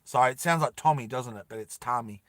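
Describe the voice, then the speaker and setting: A man's voice: medium pitch, a bit bright, no room sound. A man telling a story casually to his viewers, with many fillers. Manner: slow, with fillers, addresses viewers.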